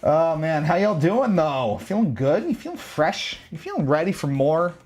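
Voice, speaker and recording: A man's voice: fairly high pitch, very animated, normal speed, darkish tone, faint music behind. A man chatting casually to his viewers while playing a racing game on a livestream, rambling and talking straight to chat. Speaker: streamer. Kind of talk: casual livestream gaming commentary.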